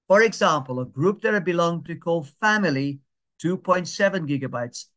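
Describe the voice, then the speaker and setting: A man's voice: on the high side, animated, a bit bright. Patient man teaching over a video call. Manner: patient, repeats steps slowly and checks understanding. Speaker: digital skills tutor.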